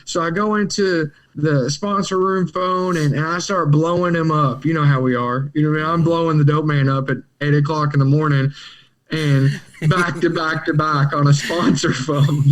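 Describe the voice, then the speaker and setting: Man, animated storyteller. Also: fairly high pitch, moderate pace. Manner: animated, acts out quotes in character voices; Southern dialect with casual slang. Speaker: guest in recovery. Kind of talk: personal recovery storytelling.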